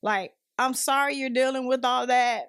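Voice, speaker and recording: A woman's voice: sits high, fairly even intonation, moderate pace, a bit bright, dry recording, clean studio sound. Woman telling her story earnestly. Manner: earnest storytelling, acting out quoted voices. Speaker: podcast guest. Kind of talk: personal testimony in conversation.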